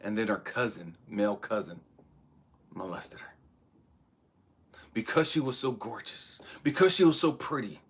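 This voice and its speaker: A man in his thirties delivers a spiritual motivational talk in a mid-range, expressive voice with a breathy edge. He takes his time, preaching in bursts of emphasis that sink to near-whispers.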